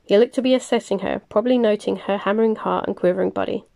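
A woman reading a novel aloud, plain and unhurried, with small slips she corrects as she goes. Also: mid-range voice, vocal fry, dark tone. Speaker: reader. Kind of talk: audiobook-style novel reading.

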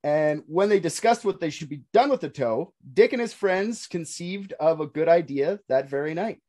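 A man's voice: on the high side, animated, normal speed, dark tone. A man hosting a podcast, telling a story in a casual, jokey way and swearing freely.

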